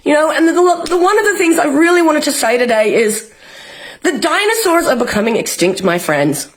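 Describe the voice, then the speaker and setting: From home in isolation, a young Australian woman vlogs an impassioned political rant to the camera, swearing often and trying to rally her viewers. Her voice sits high with a sing-song quality and a normal speed, and she sounds fiery and emotional.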